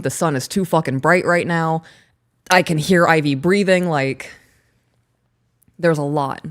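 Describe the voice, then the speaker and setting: A woman in her thirties, co-hosting a casual chat and telling a story in an animated way, laughing as she talks. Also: deep voice, smooth. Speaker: podcast co-host.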